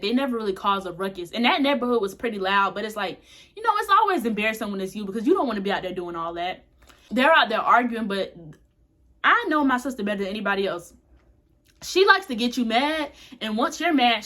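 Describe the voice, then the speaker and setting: A woman's voice: a little high, fairly bright tone. A young woman vlogger telling a loose, frank story in casual chat, swearing freely as she goes. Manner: chatty, frank, laces story with profanity; talks a bit tipsy and loose.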